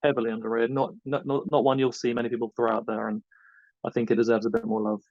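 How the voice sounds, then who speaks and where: A man's voice: medium pitch, animated, fast, gravelly, no echo. A man, co-host of a podcast, answering interview questions in a rambling, hesitant way. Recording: dull lo-fi dry recording.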